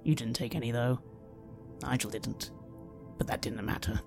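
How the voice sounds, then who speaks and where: A man narrating a tabletop role-playing game as game master, in a halting, hesitant way. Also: mid-range voice, steady tone, vocal fry, music in the background.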